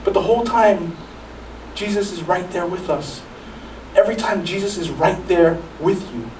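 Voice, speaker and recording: A man's voice: high-pitched, normal speed, a little mellow, echoey room, recorded from a distance, slight background noise, rough recording. A male pastor giving a sermon in a conversational way, with frequent restarts and acted-out asides. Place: church sanctuary.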